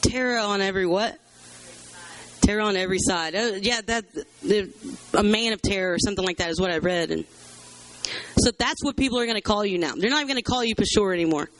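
A man's voice: high voice, quick pace, pauses often, fairly bright tone. A man teaching a Bible study to a church group in a chatty, conversational way, with many fillers. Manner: conversational, chatty, fills with "you know" and "um".

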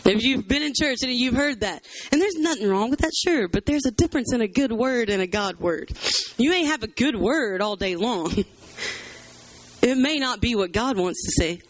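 High-voiced man teaching the Bible. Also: animated, moderate pace. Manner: conversational, chatty, fills with "you know" and "um". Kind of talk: informal Bible teaching to a church group.

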